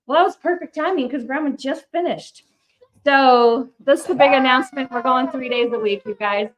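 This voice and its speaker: A woman's voice: high-pitched, moderate pace, poor audio. An older woman, a shop owner and grandmother, chatting casually on a livestream and slipping into sing-song baby talk with her grandkids. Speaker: furniture painting shop owner.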